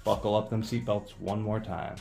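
A man's voice: lowish voice, fairly even intonation, normal speed, gravelly, warm tone, faint music behind. A man reading a comic book aloud in a casual read-along, recapping in an enthusiastic, rambling way.

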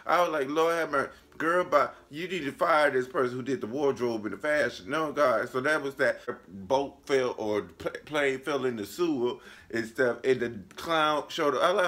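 A man in his late twenties giving a sassy, animated casual movie review, calling the viewer honey and jumping into a high voice when he quotes himself. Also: normal speed. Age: late 20s.

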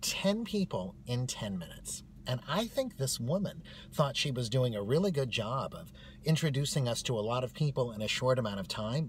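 A man recounting a funny personal story with wry, animated delivery. His mid-pitched voice swings widely, over a faint hum of background noise. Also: normal speed.

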